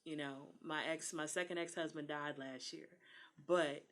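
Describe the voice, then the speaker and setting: A woman's voice: low-pitched, fairly even intonation, normal speed. A woman, talking earnestly in a casual podcast conversation and acting out the voices she quotes. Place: Texas.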